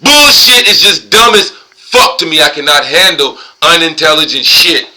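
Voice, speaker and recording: A man's voice: a little high, expressive, normal speed, bright, forceful tone, rough recording. A buzzed man rambling and ranting profanely at home in a casual vlog monologue. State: tipsy and high. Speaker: vlogger.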